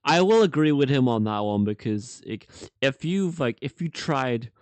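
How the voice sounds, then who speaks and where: A man hosting a casual reaction chat with a sore throat, halting and full of filler words. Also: mid-range voice, lively intonation, no echo. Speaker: reaction channel host.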